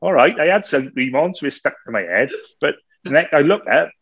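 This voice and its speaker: Man telling a lively story. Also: fairly high pitch, a little fast, vocal fry, breathy edge, no echo. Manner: lively storyteller, laughs often, acts out quotes. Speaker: podcast co-host. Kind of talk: anecdotal storytelling. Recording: slightly dull, dry recording.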